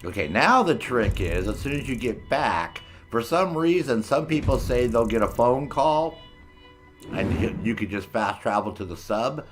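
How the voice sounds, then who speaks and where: A man's voice: medium pitch, lively intonation, unhurried, over music. A man giving casual, rambling gameplay commentary full of swearing, explaining how he plays a heist solo. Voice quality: profane, laid-back and rambling. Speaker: gameplay streamer.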